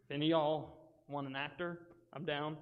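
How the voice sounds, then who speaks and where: A young man giving a casual, joking youth sermon, animated and often breaking into asides. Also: fairly high pitch, moderate pace. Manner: joking, animated, self-interrupting. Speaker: youth speaker. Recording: dull sound with long hall reverb.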